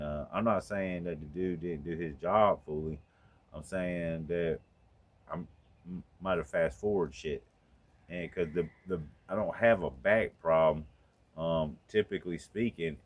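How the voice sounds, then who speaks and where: A middle-aged man from North Carolina telling a story from his own life in a casual vlog monologue, raw and profane, talking straight to his viewers. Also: deep voice. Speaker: storytelling vlogger. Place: home out in the country.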